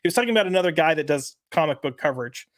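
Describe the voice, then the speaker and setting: A man co-hosting a casual podcast chats in a rambling way, full of fillers, and reads out live chat comments. His voice is a little high, animated, and racing, with no echo.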